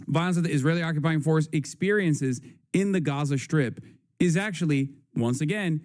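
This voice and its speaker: A man's voice: on the high side, darkish tone. Emphatic, profane man streaming. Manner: emphatic, profane, repeats himself. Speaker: livestream host. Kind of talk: casual livestream commentary.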